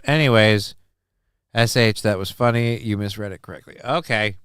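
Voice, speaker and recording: A man hosting a live stream, reading viewer messages aloud in a rambling, deadpan way with lots of fillers. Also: lowish voice, normal speed, clear, resonant tone, no room sound, clean studio sound. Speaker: live-stream show host.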